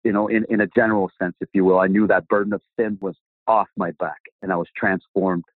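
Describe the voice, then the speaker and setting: A man's voice: low-pitched, little pitch movement, a little fast, no echo. A man as a guest, telling a personal testimony animatedly and acting out the dialogue. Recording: dry, phone-like line.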